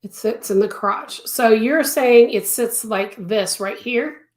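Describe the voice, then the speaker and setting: A woman with a higher-leaning voice speaks at a slow pace while teaching crochet in a live-stream tutorial from her home craft studio. She chats with viewers as she answers them, repeating words for emphasis, and the room sounds echoey.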